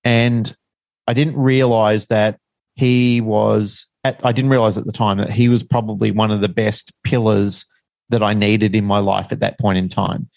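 A man's voice: lowish voice, little pitch movement, normal speed, gravelly, a little mellow, dry recording. A middle-aged man, telling a personal story as a guest in a frank, rambling, self-deprecating way.

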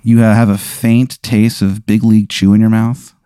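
A man's voice: on the low side, flat delivery, warm tone, clean tone, no echo. Man storyteller, casual improv, lots of ums, dry close sound. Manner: halting, full of fillers, puts on voices for characters. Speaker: storyteller posing a hypothetical.

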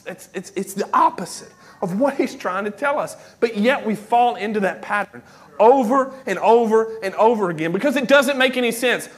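A man in his thirties with a high, somewhat bright voice preaches a sermon in a church sanctuary. He's an associate pastor who shifts from casual, self-deprecating stories into emphatic preaching.

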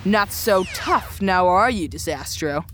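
A woman voicing a cocky young male superhero who insists on fighting alone, shouting out his own sound effects. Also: lowish voice, expressive, unhurried, over loud music. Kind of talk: family audio drama acting.

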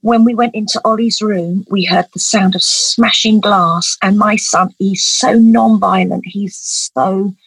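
A woman's voice: mid-range voice, fairly even intonation, a little slow, hardly any pauses, breathy edge, no room sound, low-quality recording. A middle-aged woman, telling an emotional personal story as an interview guest in an earnest, vivid way. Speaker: guest, parent advocate.

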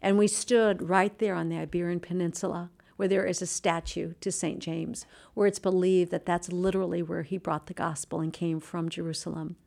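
A middle-aged woman hosting a devotional talk, speaking earnestly with slow, emphatic phrases and dropping to a soft, hushed tone in reflective moments. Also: fairly low pitch, level tone, creaky. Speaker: Christian host and speaker.

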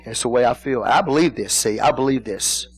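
A middle-aged man preaching a sermon as pastor, in a casual folksy way, asking his congregation questions and now and then shouting a point. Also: mid-range voice, brisk, breathy edge, poor audio. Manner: casual folksy phrasing, bursts into shouted emphasis.

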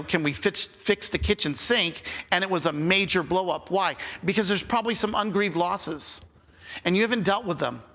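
A male pastor with a high, bright voice preaches in a conversational way. He keeps repeating key phrases and checks in with the congregation. His voice carries a long reverb from the hall. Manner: conversational, repeating phrases and asking the audience "okay?". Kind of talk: sermon.

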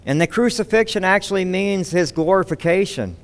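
Pastor, sermon delivery, slightly high, smooth clear tone. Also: male voice, moderate pace. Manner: expository preaching with rhetorical questions.

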